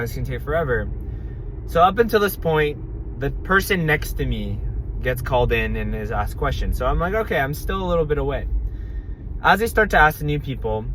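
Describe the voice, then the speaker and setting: A young man vlogging to camera, telling a casual story with quick asides and acted-out quotes. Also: medium pitch, sharp tone, slight background noise.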